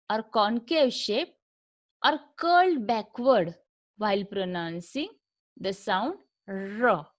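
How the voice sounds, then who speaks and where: Woman lecturer, Indian accent, fairly high and very animated voice, patient drilling teacher. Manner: patient teacher, repeats and drills sounds slowly. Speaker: English lecturer. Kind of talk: recorded phonetics lecture.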